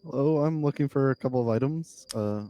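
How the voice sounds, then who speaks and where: A man with a mellow, dark voice speaks as his own character at a tabletop game. He hesitates and corrects himself mid-sentence. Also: medium pitch, fairly quick. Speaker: player. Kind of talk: in-character role-play.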